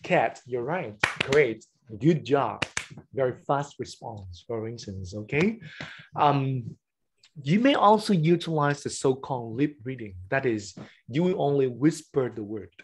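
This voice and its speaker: A man's voice: mid-range voice, expressive, measured pace, a little hiss or hum. A man whose first language is Vietnamese, running an online teacher-training session over a webcam and explaining classroom games step by step.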